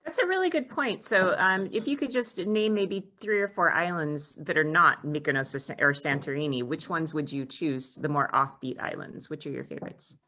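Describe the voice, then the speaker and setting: A woman's voice: low-pitched, moderate pace, few pauses, bright, forceful tone. An American woman hosting a casual chat, upbeat as she asks her guest questions. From United States. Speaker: host.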